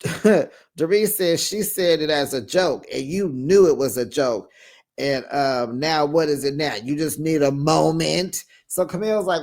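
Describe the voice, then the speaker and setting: Slow-talking sassy recap host. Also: mid-range voice. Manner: sassy, animated, frequent laughter; slips into quoted voices while retelling scenes. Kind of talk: casual recap commentary.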